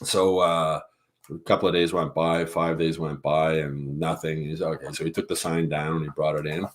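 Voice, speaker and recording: This Canadian-accented man speaks at a normal speed in a rumbling low voice. A guest hockey columnist, he chats casually, spinning lively anecdotes and performing the quotes himself.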